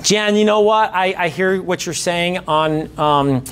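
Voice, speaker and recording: A man acting out a wary male homebuyer in a sales role-play, hedging and halting as he speaks. His voice sits a little high for a man. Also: a little hiss or hum. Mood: hesitant. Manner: hesitant, halting with fillers. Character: hesitant adult male homebuyer wary of fees.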